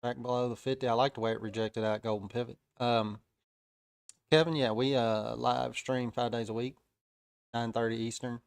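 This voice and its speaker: A man's voice: medium pitch, little pitch movement, normal speed, gravelly, clean tone, no echo. A man with a Southern US accent casually commenting on live trades, easygoing and chatty with frequent "uh" fillers. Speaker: day-trading live-stream host.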